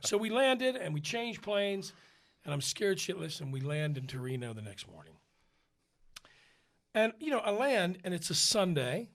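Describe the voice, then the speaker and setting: A man's voice: sits high, moderate pace, creaky. An American man, an opera tenor, telling a casual story on a podcast and acting out the people he quotes. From United States. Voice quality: animated storyteller who acts out quoted voices. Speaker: podcast co-host.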